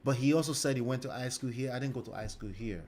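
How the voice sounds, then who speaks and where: A man's voice: mid-range voice, fast talker, darkish tone, a little hiss or hum. A man hosting a livestream and commenting on a clip, speaking emphatically and checking in with "okay?" and "right?". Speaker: livestream host.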